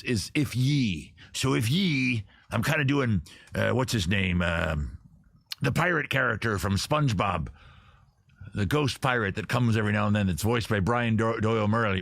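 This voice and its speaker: A man's voice: mid-range voice, dry recording. A man hosting a casual livestream from outdoors by a fire, joking and rambling as he goes. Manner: rambling, jokey, animated. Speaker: livestream host.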